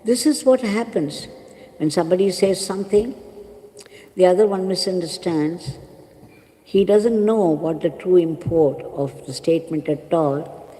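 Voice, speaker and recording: A woman spiritual teacher telling a moral story in a calm, measured sermon. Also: fairly low pitch, long reverb tail, rough recording. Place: ashram hall.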